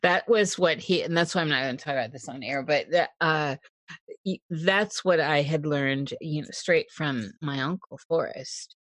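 A man's voice: a little high, fairly bright tone, dry recording. A man hosting a radio show, chatting casually and readily agreeing with his guest. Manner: agreeable, quick to laugh along. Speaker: radio host.

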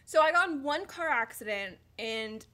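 A young woman in her twenties chatting casually, telling lively stories with laughs and quoted voices. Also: high-pitched, moderate pace. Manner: animated storytelling with laughter and acted quotes. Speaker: guest storyteller. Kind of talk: casual chat.

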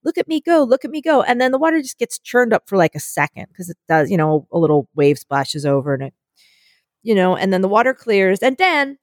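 A young woman in casual conversation, telling a story with lively acted-out voices and the odd swear word. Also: medium pitch, a little fast, no echo, studio quality. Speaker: co-host.

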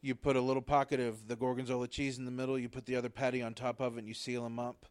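A man's voice: medium pitch, flat delivery, rapid-fire, smooth, no room sound. A young man in casual chat, explaining step by step with many ums and restarts. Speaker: podcast co-host.

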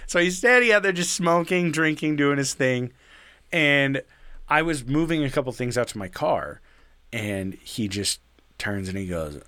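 A man's voice: mid-range voice, expressive, measured pace, sharp tone, no echo. Casual, rambling young man telling a story. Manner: rambling, with many fillers and swearing.

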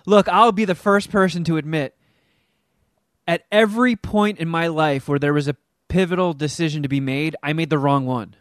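A podcast host in his forties with a high voice, telling his stories in an animated, swear-filled rush. The sound is close and dry, with almost no room in it. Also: normal speed, no room sound. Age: 40s. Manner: animated, profane storytelling. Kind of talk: casual chat.

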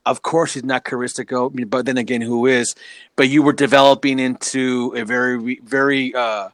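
Animated man telling wrestling stories. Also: medium pitch, moderate pace, dry recording. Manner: animated, laughing, acts out quotes. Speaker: wrestling promoter. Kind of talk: casual storytelling chat.

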